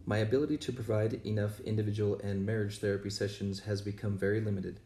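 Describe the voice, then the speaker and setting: A man with a low, mellow voice reads a measured promotional intro. He sounds roomy and set back from the mic, with plenty of room reflection around him. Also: little pitch movement. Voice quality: measured, spells things out slowly. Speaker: podcast host. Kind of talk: scripted promo. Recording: roomy recording from a distance.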